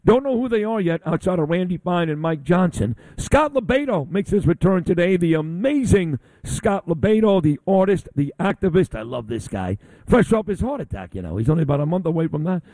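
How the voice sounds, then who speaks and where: A male talk radio host delivering a blunt, combative monologue, throwing insults freely. His voice sits a little high and swings widely in pitch, with a mellow, dark tone. The sound is dry and close, broadcasting from a convention. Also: no echo.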